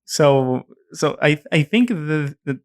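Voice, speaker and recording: Mexican-accented podcast co-host, young adult man, relaxed chatty delivery, dry sound. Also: a little high, slow pace, no echo. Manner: chatty, many fillers, laughs easily. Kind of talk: casual chat.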